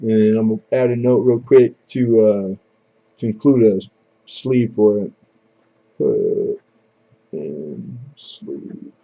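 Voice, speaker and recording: A man runs a live coin auction, calling for bids and joking around with viewers between lots. His voice is very dark and mellow, and the sound is a bit dull and lo-fi, like a home stream mic. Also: on the low side, steady tone, measured pace.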